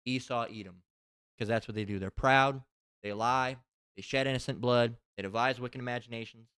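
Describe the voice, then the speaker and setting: A man teaches a spoken scripture lesson in loose, rambling talk with plenty of profanity. His voice is smooth and resonant, and it sounds close and dry with no room around it. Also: medium pitch, steady tone, normal speed, a bit bright, no room sound. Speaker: religious teacher.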